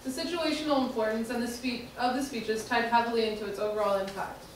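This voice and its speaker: A woman's voice: a little high, steady tone, fast talker. Young woman reading a report, echoey. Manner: reads aloud steadily. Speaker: student presenter. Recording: echoey room from far off, faint noise.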